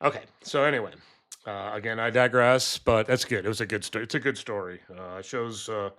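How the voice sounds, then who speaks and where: A man's voice: on the low side, fairly quick, pushed and bright. A man talking casually on his own, telling a story and then giving political commentary, with many fillers and restarts. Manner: rambling, many fillers and restarts, acts out quoted voices.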